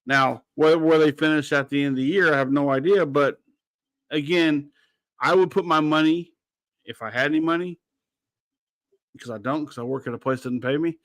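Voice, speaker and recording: Blunt, rambling sports radio host. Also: male voice, a little high, normal speed, long pauses, a bit bright, dry recording. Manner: blunt, rambling, swears freely. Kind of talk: casual sports talk.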